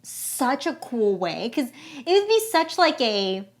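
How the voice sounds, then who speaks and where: A woman's voice: a little high, big pitch swings, measured pace. A woman co-hosting a podcast, chatting casually and enthusiastically with lots of filler words. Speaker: podcast co-host. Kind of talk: casual chat.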